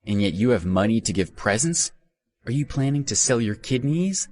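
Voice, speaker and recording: A man's voice: mid-range voice, expressive, moderate pace, darkish tone, voice pushed up, natural voice. A man voicing a spiteful young male troll who talks in a taunting, sneering way.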